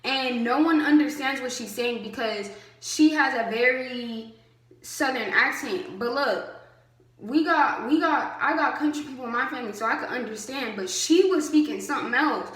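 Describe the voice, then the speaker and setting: A woman's voice: sits high, moderate pace, a bit bright. A young adult woman vlogger telling a story casually to camera, chatty and full of fillers. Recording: roomy echo.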